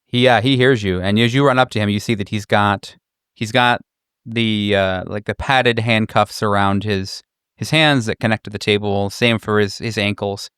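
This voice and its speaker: A man narrating as game master of a tabletop horror game, describing scenes with frequent halting fillers. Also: fairly low pitch, fairly even intonation, a bit bright, clear, resonant tone, no room sound, clean studio sound.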